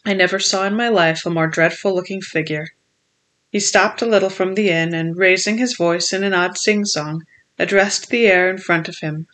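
An audiobook narrator reading a classic adventure novel in a measured, steady storytelling manner. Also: medium pitch.

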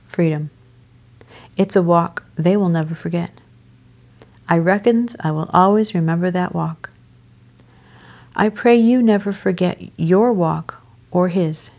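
A woman telling a devotional story as a dramatic sermon, measured and emphatic with a solemn delivery. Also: lowish voice, gravelly, darkish tone.

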